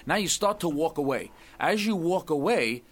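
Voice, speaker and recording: A man talking as a guest in a radio studio, telling stories and acting out quotes with sudden shouts. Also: fairly high pitch, moderate pace. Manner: animated, acts out quotes with shouts. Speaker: guest singer-songwriter. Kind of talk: casual chat, storytelling.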